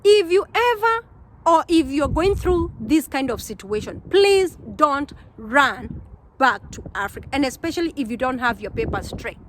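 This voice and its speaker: A woman's voice: high-pitched, normal speed, slight background noise, poor audio. A Kenyan woman giving earnest, heartfelt advice in a casual vlog, often repeating her points. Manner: earnest, repeats herself, animated quoting. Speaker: vlogger.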